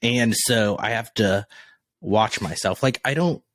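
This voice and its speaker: A man's voice: fairly low pitch, unhurried, no room sound, clean studio sound. A man co-hosting a podcast in casual chat, blunt and profane, laughing often. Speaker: podcast co-host.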